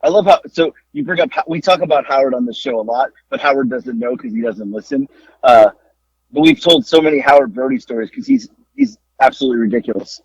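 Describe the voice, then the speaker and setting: A man hosting a podcast, his husky voice swinging up and down as he chats with lots of fillers. The audio is dull and dry, like a lo-fi feed. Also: mid-range voice, sing-song, quick pace, dry recording. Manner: hesitant, filler-heavy. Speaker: podcast host. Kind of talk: casual chat.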